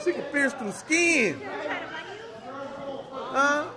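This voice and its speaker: At a church festival, a woman films on a handheld phone in a large, noisy hall crowded with chattering children. Her voice is high, expressive, and very slow as she playfully teases the kids in slangy talk.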